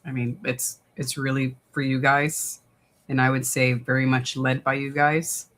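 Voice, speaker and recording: A chatty livestream host from the New York area who talks in loose, rambling runs, full of "um" and restarts. The voice sits at an ordinary middle pitch, and the delivery stays casual and unhurried, like someone reading out viewer comments on a desktop streaming mic at home. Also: level tone, a bit bright. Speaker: livestream watch-party host.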